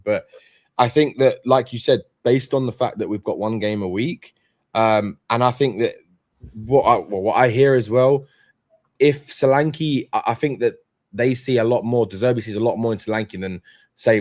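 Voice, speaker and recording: A man's voice: medium pitch, steady tone, normal speed, a little mellow, no echo. A man weighs in on a football fan chat, hesitant and restarting his sentences as he agrees. His mid-range voice is close and dry, with no room behind it. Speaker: guest panelist.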